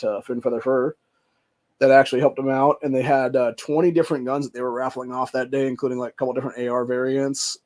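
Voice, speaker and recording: An American man with a voice of ordinary pitch runs a solo podcast, reading headlines aloud. He reacts in a loose, profane, ranting way and keeps calling people "dude". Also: mellow. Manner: says "dude" often. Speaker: podcast host.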